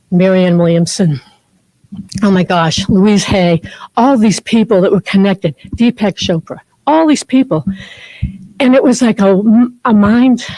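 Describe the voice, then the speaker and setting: Woman, 50s, guest spiritual speaker: mellow tone, dry close sound, earnest and rambling delivery. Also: medium pitch, dry recording, poor audio. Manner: heartfelt, rambling storytelling with many fillers. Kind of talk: personal spiritual talk to a group. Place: chapel.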